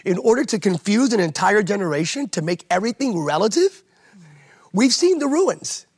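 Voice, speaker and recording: Here is a high-voiced pastor with a gravelly edge, speaking at ordinary speed and full of fervor. Conversation or not, he reinforces his points through sermon-like repetition of phrases, emphatic throughout.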